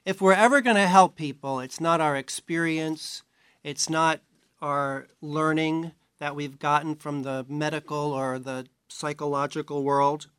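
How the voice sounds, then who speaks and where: A man's voice: on the high side, fairly even intonation, a little slow, a bit bright, clear, resonant tone, no room sound. A man from New York giving a conversational sermon as a Bible teacher, with chatty, self-mocking asides.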